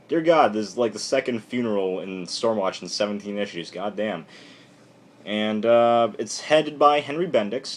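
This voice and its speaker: A man casually recapping a comic book issue on camera in a rambling, irreverent, animated way. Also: on the low side.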